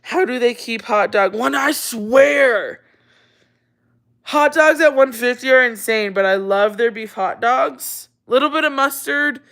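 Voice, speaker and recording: A woman in her thirties chats on a relaxed livestream in an unhurried way. Her voice is bright and smooth, and she laughs easily as she reads and answers viewer comments. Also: fairly high pitch. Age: 30s. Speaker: livestream host. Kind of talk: casual livestream chat.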